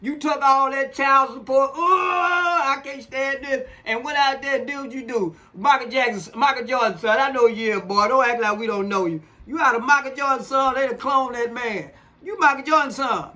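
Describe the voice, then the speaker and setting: High bright-voiced older man, blunt. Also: moderate pace. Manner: blunt, rambling, laughs often. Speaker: podcast co-host, father. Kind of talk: casual sports chat.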